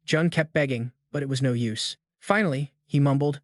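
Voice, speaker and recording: A man giving a steady, scripted narration of a story recap. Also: a little high, moderate pace, few pauses, no room sound, clean studio sound.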